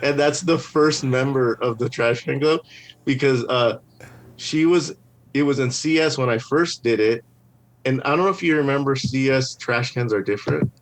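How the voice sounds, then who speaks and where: A man chatting as a podcast guest, recounting stories in a loose, animated way. He leans on "like" and restarts his sentences often as his thoughts run ahead. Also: mid-range voice, normal speed. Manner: rambling, animated, heavy use of "like". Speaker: podcast guest, scare actor. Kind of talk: casual storytelling.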